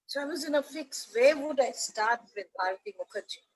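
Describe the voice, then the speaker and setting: Older woman, Indian English accent, slightly high, chatty veteran teacher, animated anecdotes. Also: fairly quick, breathy edge, poor audio. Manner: chatty, animated anecdotes with playful quoted voices. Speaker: veteran teacher, interview guest. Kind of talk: casual storytelling interview.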